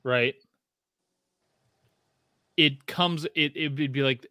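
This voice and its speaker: Man, casual chat, profane and rambling, bright forceful voice, dry sound. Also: on the high side, slow pace, clean tone, no echo. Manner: rambling, profane, many fillers and restarts; animated storytelling with voiced quotes.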